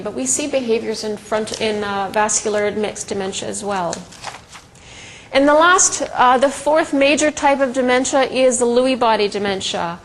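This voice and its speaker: A woman's voice: fairly high pitch, a little hiss or hum, poor audio. A middle-aged woman giving a conversational lecture presentation, telling stories with frequent ums and restarts. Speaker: presenter and educator.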